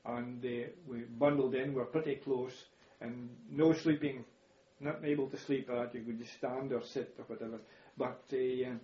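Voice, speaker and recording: In a reminiscing interview, an older man recounts war stories, occasionally chuckling and repeating words while he remembers. He speaks at normal speed in a warm, steady, mid-range voice with hardly any pauses; the room is echoey and the audio slightly dull.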